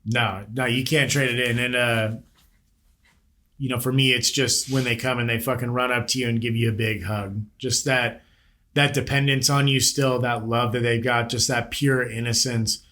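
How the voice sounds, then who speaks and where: A man's voice: mid-range voice, steady tone, moderate pace, pushed and bright. Casual, cursing male podcast host. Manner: blunt, swears freely, jokey. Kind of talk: casual interview chat.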